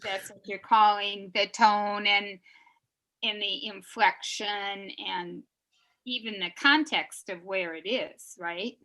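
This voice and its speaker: A woman's voice: medium pitch, steady tone, slow, sharp tone, rough recording. A woman joining a live show as a guest over a video call, talking in a casual, hesitant way with restarts. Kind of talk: casual chat.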